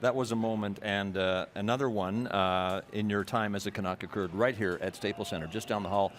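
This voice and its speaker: A man's voice: lowish voice, fairly even intonation, fairly quick, slight background noise. A man hosting a TV sports interview, teasing his guest in a dry, mock-pompous way. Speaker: host. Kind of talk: TV sports talk-show interview. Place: arena broadcast set.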